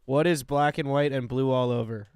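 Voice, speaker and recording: A man's voice: mid-range voice, fairly even intonation, normal speed, darkish tone, smooth, no echo, clean studio sound. A man in a casual podcast chat, wry and self-mocking as he talks with the crew.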